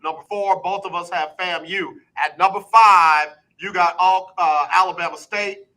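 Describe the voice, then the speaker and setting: A man hosting a casual sports talk radio show, quizzing his guest in a brisk, repetitive rhythm. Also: high-pitched, steady tone, sharp tone, poor audio.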